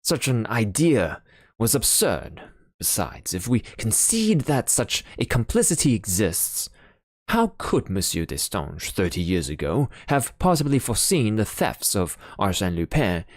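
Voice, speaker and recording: Low-voiced man reading an audiobook. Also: huge pitch swings, measured pace, no room sound, studio quality. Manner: plain reading with occasional fillers and restarts. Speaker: audiobook narrator. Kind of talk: audiobook narration.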